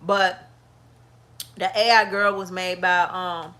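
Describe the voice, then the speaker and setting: A woman's voice: on the low side, takes it slowly, noisy background. A woman, chatting bluntly and profanely to her viewers in a casual livestream. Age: 50s. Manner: blunt, animated and profane, talks straight to viewers. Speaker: makeup vlogger.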